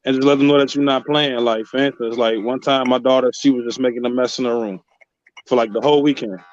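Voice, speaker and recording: A man, a guest on a podcast panel, telling a story in a plain, relaxed and slangy way. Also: mid-range voice, fast. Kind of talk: casual panel chat. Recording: dull, muffled sound.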